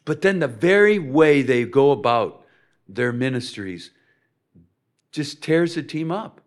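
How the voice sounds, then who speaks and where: A man's voice: fairly high pitch, lively intonation, takes it slowly. A man teaching a church seminar on ministry teams, talking to the room in a conversational way with plenty of fillers.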